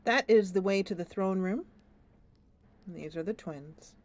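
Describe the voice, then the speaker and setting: A woman's voice: medium pitch, a little slow, darkish tone, no echo. A woman streamer narrating a story-driven fantasy video game aloud, thoughtful and musing.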